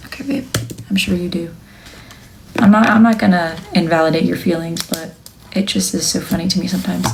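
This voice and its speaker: A young woman, a wood-burning artist, chatting casually on a live stream, joking and now and then dropping into a soft near-whisper. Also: on the low side, normal speed, gravelly, pauses often, background noise.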